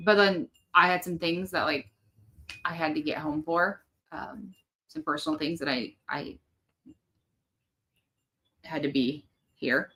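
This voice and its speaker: A woman's voice: sits low, unhurried, pauses often, sharp tone. A young adult woman co-hosting a livestream, talking hesitantly with lots of ums and likes. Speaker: livestream co-host. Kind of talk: casual livestream chat.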